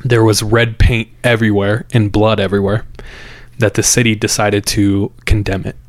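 Brief: casual male podcast storyteller, lowish voice, relaxed and rambling. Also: moderate pace, no echo. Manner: loose and conversational, repeats words, fillers. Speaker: podcast host.

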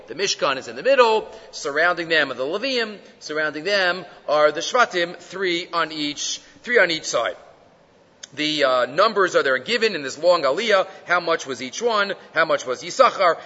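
A man teaching the weekly Torah portion, animated and full of rhetorical questions, reading Hebrew quotes and explaining them in English. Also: high voice. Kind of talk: Torah lecture. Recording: dull lo-fi recording in a reverberant hall.

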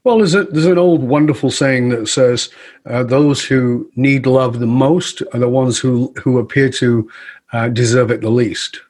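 A middle-aged man with a slightly husky, breathy voice speaks as an interview guest. He tells his story in an animated way and plays out the dialogue as he goes. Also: mid-range voice, unhurried. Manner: animated storyteller who acts out quoted dialogue.

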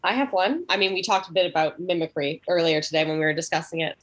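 A woman's voice: fairly low pitch, quick pace, fairly bright tone. A woman guest in a casual panel chat who explains things at length with enthusiasm. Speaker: podcast guest.

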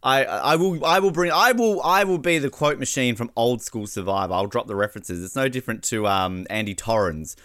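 A man co-hosting a casual podcast about a reality show, talking in an animated way and acting out quotes. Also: medium pitch, no room sound, clean studio sound. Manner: animated, quick to act out quotes. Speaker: podcast co-host. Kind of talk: casual chat.

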